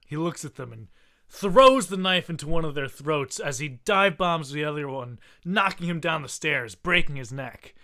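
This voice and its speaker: A man co-hosting a podcast and improvising a comic story. His voice is bright and slightly high. He stumbles and restarts often. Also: animated, normal speed. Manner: hesitant, many restarts, giggly. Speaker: podcast co-host.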